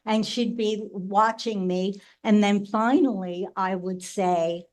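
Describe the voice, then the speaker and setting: Give me a woman from New Jersey in her sixties, speaking slowly at a memorial, chatty and prone to asking "right?". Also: medium pitch, darkish tone. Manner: chatty, frequent "right?" tags, laughs while telling stories. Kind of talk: memorial tribute, personal storytelling.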